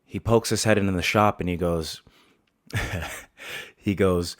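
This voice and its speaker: A man's voice: low-pitched, fairly even intonation, slow pace, fairly bright tone, no echo, studio quality. A man, a barber, telling a story casually, with lots of swearing and laughter.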